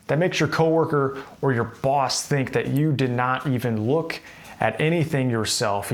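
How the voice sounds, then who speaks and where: Man, American accent, English teacher, casual explanation, mid pitch, demonstrates phrases. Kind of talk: instructional explanation to camera.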